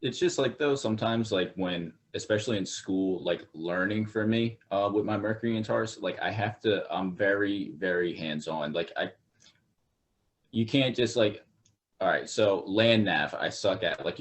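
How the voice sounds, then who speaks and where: A young man talking as a podcast guest in casual chat, slow, relaxed and laid-back. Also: lowish voice.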